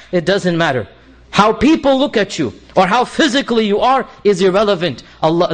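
A man with a high voice gives a quick-paced Quran commentary lecture. He is middle-aged, recites Arabic verses rapidly, then explains them in emphatic English and repeats his key points. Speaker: Islamic lecturer.

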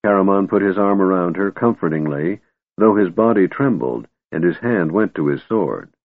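Deep husky male audiobook narrator. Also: lively intonation, moderate pace, no room sound. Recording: tinny narrow-band recording.

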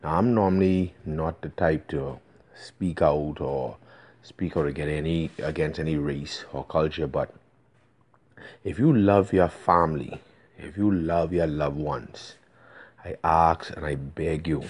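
A man's voice: very deep voice, unhurried, a little mellow, slightly rough. A Bahamian man with a Bahamian accent, recording an urgent, pleading voice message in a preachy, insistent way. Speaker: voice-note sender. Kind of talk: voice message monologue.

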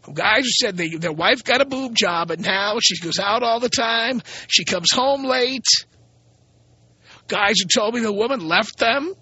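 Male radio host, sarcastic ranter, high and bright, dry close sound. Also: measured pace, slightly rough, no echo, dull audio. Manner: blunt, ranting, sarcastic. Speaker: radio talk show host. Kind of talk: opinionated radio monologue.

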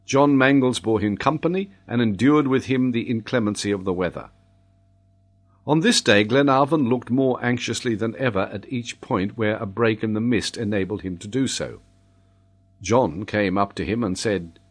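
A man narrating a classic adventure novel in a measured, formal reading. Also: on the low side. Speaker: audiobook narrator. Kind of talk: scripted narration.

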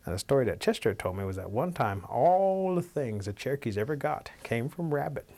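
A man telling a traditional animal folk tale in a relaxed, animated storytelling manner. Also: medium pitch, a little fast.

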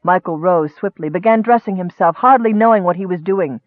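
A man narrates a fantasy story in a measured, expressive voice that sits high. The recording is dry and squeezed into a narrow band, close to a phone line. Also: no room sound. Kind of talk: audiobook narration.

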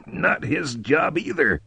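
A man voicing a poisoned lord whose voice is hoarse, gravelly and croaking. He growls his orders. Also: fairly high pitch, wildly swooping pitch, slow pace, bright, forceful tone, no room sound, voice pushed up, heavily acted. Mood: growling. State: hoarse, coughing. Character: poisoned lord, gruff and commanding.

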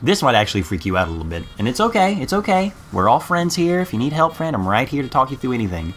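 A young adult man telling a funny story on a casual podcast, jumping up in pitch to mimic other people. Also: rapid-fire, faint music behind. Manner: animated storyteller, jumps high to mimic people. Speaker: podcast co-host.

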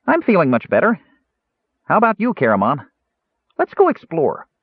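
A man putting on a high, excitable kender voice. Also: normal speed, breathy edge, dry recording, exaggerated voice. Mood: eager. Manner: bright, excitable, wheedling. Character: eager curious small male kender adventurer. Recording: tinny phone-like dry recording.

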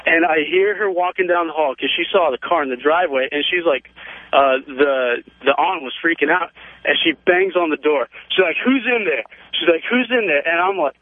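A young man phones in to a talk radio show and rambles through a story, excited and loose, with "man" and "like" everywhere. His voice sits a little high and comes through a narrow, tinny phone line. The sound is dry, with no room around it. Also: fairly quick, dry recording. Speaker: caller. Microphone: telephone.

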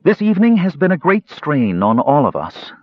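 A stern, grieving woman counselor in a storybook, as a man puts her on, clipped and formal in every phrase. The voice has a husky grain and sits in a dry, slightly muffled recording. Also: a little high, wildly swooping pitch, moderate pace, dry recording, pitched above the performer's own voice. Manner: terse and formal.

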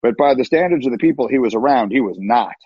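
Husky-voiced man on a dull remote line. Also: medium pitch, lively intonation, fast, darkish tone, dry recording. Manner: emphatic, repeats words when starting sentences. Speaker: guest. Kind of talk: animated storytelling. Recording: dull lo-fi, dry.

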